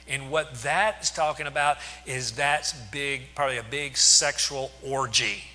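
Bright-voiced male preacher in reverb. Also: mid-range voice, fairly even intonation, measured pace. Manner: retells scripture loosely with restarts and asides. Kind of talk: sermon.

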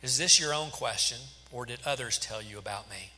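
A man voicing a calm, steady Jesus. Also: mid-range voice, faint music behind. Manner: calm, measured speech. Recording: long hall reverb.

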